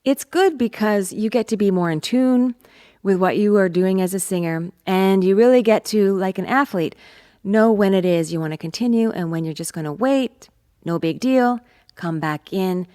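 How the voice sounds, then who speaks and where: A woman's voice: mid-range voice, moderate pace, no room sound, studio quality. A woman vocal coach teaching a singing lesson, talking in an upbeat, encouraging way and singing scale demonstrations. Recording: loud piano accompaniment.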